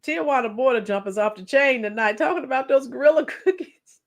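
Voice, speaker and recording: A woman with a hoarse, cracking voice giving chatty, opinionated political commentary on a live stream and reading viewer comments. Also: high-pitched, animated. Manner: opinionated, chatty, sings song snippets slowly. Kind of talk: casual political commentary livestream.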